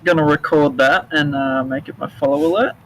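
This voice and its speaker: A man chatting easily on a game stream, quick to laugh. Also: fairly high pitch, fairly even intonation, a bit bright, a little hiss or hum, rough recording. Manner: laughing, easygoing banter. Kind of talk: casual chat over gameplay.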